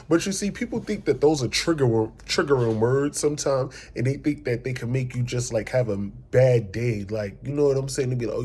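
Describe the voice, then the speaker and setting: A young man recapping a trip on his vlog, animated and profane, retelling an argument by quoting both sides. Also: mid-range voice, husky. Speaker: vlogger. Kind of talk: casual storytime vlog recap.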